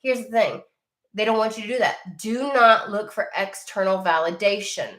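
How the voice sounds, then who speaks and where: Speaking at medium pitch and normal speed, this slightly bright-voiced woman does a tarot reading with plenty of profanity and bluntness. She addresses the viewer directly from an echoey room.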